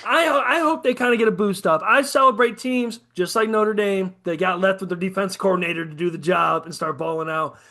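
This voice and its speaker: A man with a high, light voice holds forth in loose podcast chat. He swears freely, rants with gusto and slips into mocking put-on quotes to make his points. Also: a little fast, hardly any pauses. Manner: profane, animated ranting with mocking quoted asides. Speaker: podcast co-host. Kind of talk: casual sports chat.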